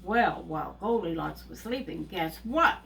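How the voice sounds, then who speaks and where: A woman telling a fairy tale to young children, animated and asking them questions along the way. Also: lowish voice, unhurried, gravelly, noisy background. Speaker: children's storyteller. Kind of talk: reading a story to young children. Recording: distant mic with faint ambience.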